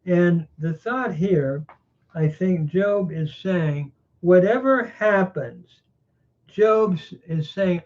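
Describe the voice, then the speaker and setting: A man teaching a Bible lesson, reading Hebrew verses deliberately and then explaining the grammar and meaning. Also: sits high, darkish tone, highs cut off. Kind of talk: slow scholarly lecture.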